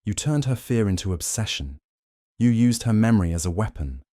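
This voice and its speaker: Poirot, a man voicing a deep, theatrical detective. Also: big pitch swings, mellow, no echo, studio quality. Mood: accusing. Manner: measured, dramatic accusations with French phrases. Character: shrewd, theatrical male detective, middle-aged, accusing. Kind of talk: audiobook character reading.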